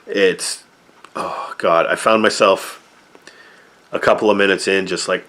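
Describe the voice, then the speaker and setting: A man with a fairly low voice talks through a casual movie review. He rambles with many fillers and turns sarcastic and exasperated when he complains about the film. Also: steady tone, a little slow, long pauses, fairly bright tone.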